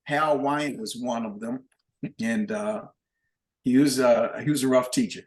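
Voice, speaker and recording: An older man, a guest musician, telling animated, plain-spoken anecdotes in a relaxed chat. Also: medium pitch, unhurried, echoey room. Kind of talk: casual storytelling.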